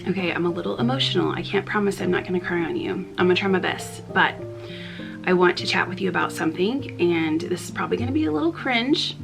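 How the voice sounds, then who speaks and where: A woman's voice: fairly low pitch, fast, creaky. A woman vlogger talking to camera in an earnest, open and chatty way. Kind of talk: heartfelt talk to camera. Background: background music.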